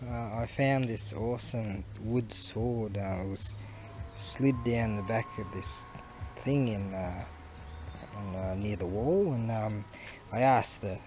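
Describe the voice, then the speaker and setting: A man's voice: on the low side, slow pace, music in the background. Rambling man vlogging outdoors. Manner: rambling, chatty storytelling with laughs and fillers. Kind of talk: casual vlog chat.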